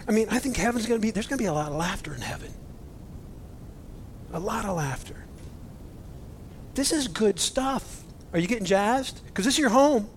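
A man preaching a sermon, animated and emotional, swinging between loud exclamations and hushed near-whispers. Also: fairly high pitch, a little hiss or hum. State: choked up with emotion. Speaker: pastor.

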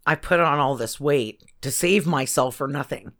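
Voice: mid-range voice, normal speed, fairly bright tone. A co-host on a casual movie podcast, cracking jokes and playful asides. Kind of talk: casual movie-recap chat.

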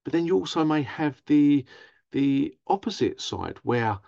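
A man's voice: a little high, lively intonation, a little slow, gravelly, mellow, no room sound, highs cut off. A man hosting a podcast, talking casually in a rambling way and acting out inner thoughts. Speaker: podcast host. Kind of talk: casual monologue.

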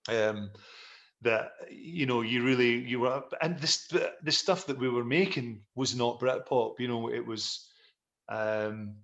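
A man's voice: mid-range voice, measured pace, a bit bright, muffled recording. Rambling middle-aged male musician. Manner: rambling, anecdotal, self-deprecating. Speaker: musician guest. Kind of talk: casual interview storytelling.

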